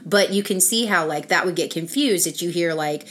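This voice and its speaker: A woman's voice: fairly low pitch, normal speed, fairly bright tone, slight background noise. A woman explaining health research in casual conversation, talking in long run-on sentences full of restarts and fillers.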